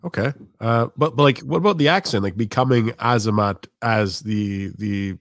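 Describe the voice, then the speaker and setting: A man's voice: fairly low pitch, normal speed, dry recording, clean studio sound. A man hosting a podcast, asking hesitant, filler-laden questions in casual conversation. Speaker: podcast host. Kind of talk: casual interview.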